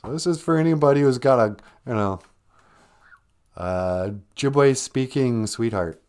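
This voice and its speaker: A man in his fifties with a Minnesotan accent, hosting a casual comedic podcast in a playful way, laughing often and drawing phrases out slowly. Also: medium pitch, a little mellow, smooth. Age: 50s. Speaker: podcast host.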